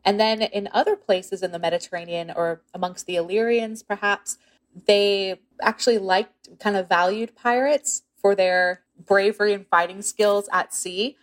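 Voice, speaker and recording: A woman historian giving an informal, explanatory interview answer with hedging asides. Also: medium pitch. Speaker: pirate historian.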